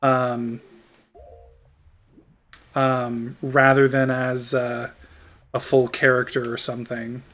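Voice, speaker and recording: A man's voice: medium pitch, monotone, slow, long pauses, fairly bright tone, faint music behind. A man streaming a video game, chatting casually and rambling with frequent laughs and fillers. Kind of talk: casual gameplay chat.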